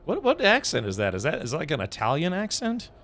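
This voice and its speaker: A man's voice: on the high side, huge pitch swings, fast, fairly bright tone. A young man streaming a video game, chatting casually, reacting to the game and reading chat aloud. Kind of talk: casual let's play commentary.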